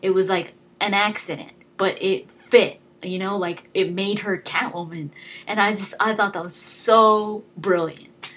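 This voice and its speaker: A woman's voice: medium pitch, steady tone, a little slow, a bit bright, breathy edge. A young woman giving a casual, chatty movie review, enthusiastic and full of fillers and restarts. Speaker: video blogger.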